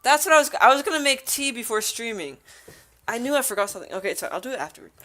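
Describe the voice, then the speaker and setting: A young woman streaming a game and chatting with her viewers in a bright, slightly tense voice. She giggles often and drifts between reading the game text and casual banter. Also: a little high, animated, very fast.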